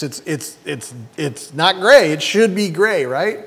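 A man's voice: high voice, animated, normal speed. A man in his fifties preaching a sermon as pastor, throwing rhetorical questions at the congregation. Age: 50s. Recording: long hall reverb.

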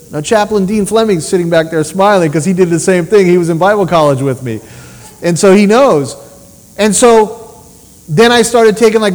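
A man preaching a sermon with personal testimony, telling stories in an animated way and asking rhetorical questions. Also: high voice. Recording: long reverb of a large hall.

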